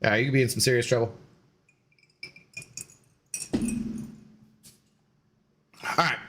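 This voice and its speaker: A man's voice: medium pitch, steady tone, slow pace, fairly bright tone, slight background noise. A man in his forties streaming a game and rambling through stories in casual chat, loose with fillers and swearing.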